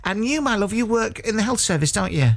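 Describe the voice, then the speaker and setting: An actor playing a brash, cheesy middle-aged male psychic medium who talks theatrically, with cheeky jokes and dramatic pauses, in improvised radio comedy. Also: sits high, expressive, vocal fry, faint music behind, heavily acted. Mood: showy. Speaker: comic psychic guest.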